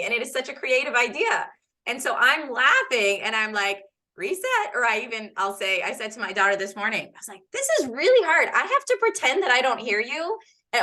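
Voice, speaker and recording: A woman in her thirties hosting a casual conversation, an animated storyteller who laughs and acts out dialogue. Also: medium pitch. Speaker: host.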